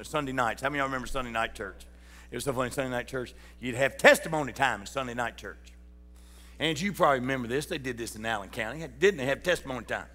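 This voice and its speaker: Pastor preaching with echoing reverb. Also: male voice, medium pitch, bright, forceful tone. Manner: folksy, calls out to the congregation. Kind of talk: sermon. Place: large church sanctuary. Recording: church hall reverb.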